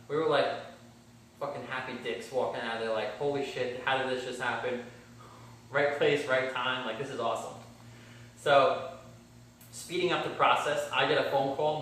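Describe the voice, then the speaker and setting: A car vlogger with a mid-range, fairly bright voice tells a car-buying story in a casual vlog, blunt and swearing as he acts out both sides of his conversations. The mic sits at a distance in a very echoey room, with a faint hum behind him.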